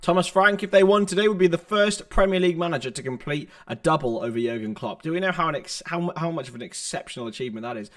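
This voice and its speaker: Talking fast with few pauses, this young livestream host delivers football play-by-play in a fairly high, fairly bright voice full of lively intonation. He mixes in chatty comments for viewers, recorded on a laptop mic.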